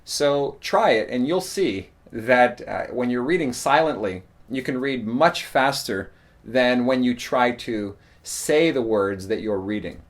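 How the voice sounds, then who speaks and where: A man teaching in a relaxed spoken lesson, explaining tips at an easy pace with frequent ums and uhs. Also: medium pitch. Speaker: English teacher.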